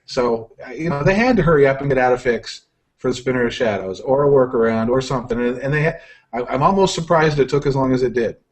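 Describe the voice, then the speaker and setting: A man's voice: medium pitch, quick pace, poor audio. A man co-hosting a gaming podcast, chatting casually in a joking way and stammering over repeated words. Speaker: podcast co-host. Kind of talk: casual chat.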